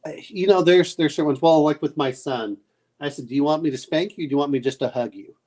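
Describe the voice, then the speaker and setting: A man's voice: a little high, fast, darkish tone. A man chatting late at night, telling rambling family stories and acting out what people said, with many restarts. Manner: rambling storyteller, restarts often, acts out quotes. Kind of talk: casual late-night chat.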